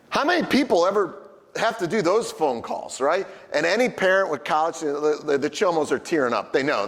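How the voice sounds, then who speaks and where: A man's voice: on the high side, fairly bright tone, big-room sound. A middle-aged man preaching a sermon as a pastor, telling everyday stories in a conversational, humorous way. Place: church sanctuary.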